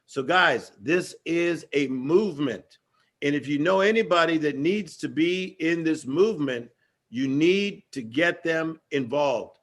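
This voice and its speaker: Emphatic man with a high voice. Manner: preacher-like, emphatic repetition. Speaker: guest speaker. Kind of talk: energetic motivational talk.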